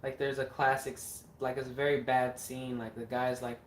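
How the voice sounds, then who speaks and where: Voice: medium pitch, little pitch movement, moderate pace, far from the mic. A horror filmmaker hosting a casual livestream chat. The host rambles and swears freely. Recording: roomy echo, mic set back, faint noise.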